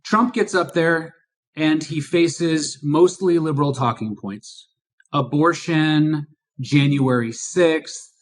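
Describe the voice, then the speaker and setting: A man's voice: on the high side, slow pace. A male podcast host speaks in a slightly raised register. He drives home political commentary with emphatic rhetorical questions.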